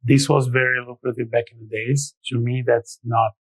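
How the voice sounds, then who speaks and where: A man's voice: mid-range voice, little pitch movement, normal speed, no echo, low-quality recording. A middle-aged man, a lending expert guest in a podcast interview, explaining step by step with frequent restarts.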